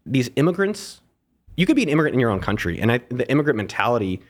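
A middle-aged man talks quickly as an interview guest, rushing through anecdotes. His pitch sits in the middle range, and he often backs up to restart a sentence before carrying on. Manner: fast, animated storyteller with frequent restarts. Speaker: podcast guest, entrepreneur. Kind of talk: casual interview storytelling.

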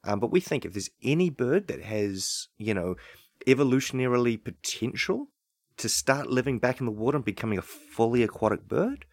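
A man with a New Zealand accent telling a deadpan comic monologue, chatty and conspiratorial, with many rhetorical asides. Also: medium pitch, a little fast, dry recording, studio quality.

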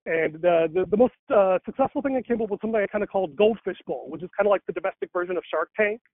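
High-voiced man rambling over a phone line. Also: racing, no room sound. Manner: rambling, many fillers and restarts. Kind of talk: casual conversational talk. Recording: dry tinny phone-like line.

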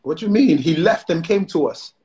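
A man's voice: fairly high pitch, lively intonation, normal speed, a crowd in the background. A man in his thirties with a South London accent, co-hosting a casual live-stream chat in playful banter on a phone mic. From South London, England. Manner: playful banter, lots of "you know" and "man". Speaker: co-host. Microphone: phone on a live video stream.

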